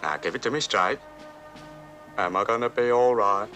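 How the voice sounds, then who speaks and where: A wounded soldier. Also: male voice, fairly low pitch, moderate pace, bright, forceful tone, soft background music. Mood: weak. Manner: feeble then indignant. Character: wounded young male British soldier, indignant. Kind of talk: 1960s British film comedy acting.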